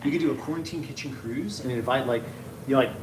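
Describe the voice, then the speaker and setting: A man hosting a casual cooking livestream from his home kitchen, joking and riffing quickly. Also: mid-range voice. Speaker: cooking show host. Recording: echoey kitchen with background noise.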